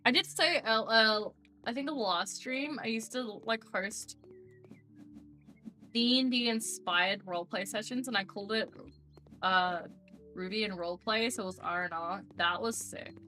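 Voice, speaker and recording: A woman's voice: medium pitch, unhurried, bright, forceful tone, soft background music. A young woman streamer chatting casually and rambling to her viewers, now and then cooing to her cat. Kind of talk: casual live-stream chat.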